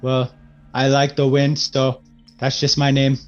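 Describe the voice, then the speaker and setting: A man's voice: medium pitch, monotone, a little slow, lo-fi sound. A man role-playing his character in a tabletop game, speaking formally and getting flustered. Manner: formal, polite, easily flustered. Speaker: player.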